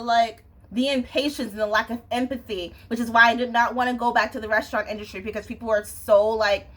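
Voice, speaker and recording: A woman's voice: a little high, a bit bright. A young woman venting in a casual, exasperated rant to camera, swearing and often asking "you know what I'm saying". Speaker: vlogger.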